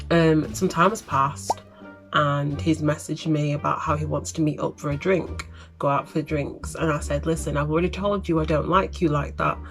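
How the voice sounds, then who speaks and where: A young woman telling a storytime vlog in a chatty, exasperated way. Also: sits low. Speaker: vlogger.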